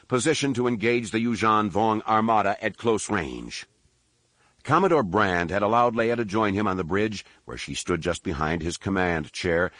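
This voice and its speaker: A man narrating a science fiction audiobook in a steady, measured way. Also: on the low side, dry recording. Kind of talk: scripted narration.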